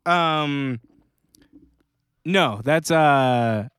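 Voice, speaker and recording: A man co-hosting a casual podcast chat about comics news, joking and chatty with quick asides. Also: fairly high pitch, fairly bright tone, clean tone, dry recording, studio quality. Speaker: podcast co-host.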